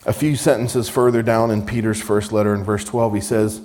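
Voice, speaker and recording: A man with a fairly low voice delivers a sermon. He reads scripture aloud with mounting emphasis and slips into dry sarcasm to make a point. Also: flat delivery, moderate pace, few pauses, darkish tone. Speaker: preacher.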